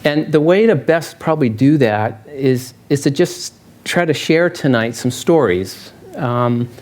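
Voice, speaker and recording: A middle-aged man, a field biologist and falconer, giving a casual public lecture with stories, talking in a halting way with many restarts. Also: mid-range voice, lively intonation, darkish tone. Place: lecture hall with an audience.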